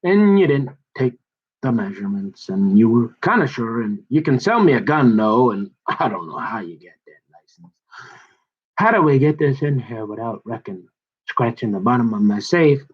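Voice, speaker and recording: A man's voice: medium pitch, sing-song, normal speed, husky, lo-fi sound. A man telling a rambling, folksy story in a colloquial manner, meandering and restarting as he complains.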